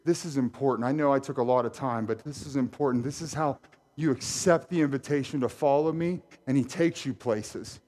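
A middle-aged man preaching a sermon as pastor, animated and jokey, talking straight to his congregation in a church. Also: mid-range voice, a little fast. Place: church sanctuary.

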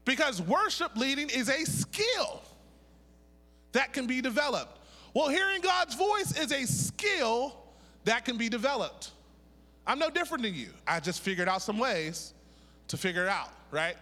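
A man's voice: extremely high pitch, measured pace. A middle-aged man from Pittsburgh preaching a sermon as a pastor and prophet, joking and calling on the congregation to repeat after him. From Pittsburgh, USA. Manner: lively, joking, calls on the congregation to repeat words. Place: church sanctuary. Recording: echoey hall reverb.

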